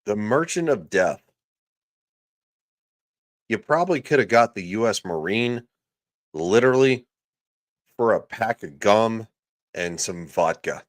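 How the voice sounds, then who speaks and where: A man's voice: lowish voice, animated, a little slow, pauses often, no echo, clean studio sound. A man hosting a livestream, ranting sarcastically and crudely, often reading out viewers' chat comments. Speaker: livestream host.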